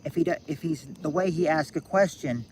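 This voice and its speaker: A man's voice: on the high side, a little fast, noisy background. Rambling sixty-year-old man, faint crickets. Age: 60s. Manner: rambling, thinking aloud with many restarts. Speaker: streamer hosting a game night. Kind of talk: casual live-stream chat.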